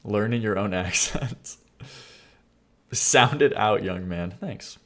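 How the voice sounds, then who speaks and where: A young man with a lowish voice and lively intonation livestreams at a moderate pace, reviewing songs that viewers submitted. He chats casually, bluntly and jokingly, reading messages and arguing with his chat.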